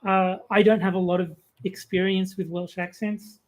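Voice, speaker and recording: An Australian woman speaks at a middling pitch in an easy, conversational way. She steadily holds to her argument and restates it without getting heated. This is casual podcast co-host chat. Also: little pitch movement, normal speed.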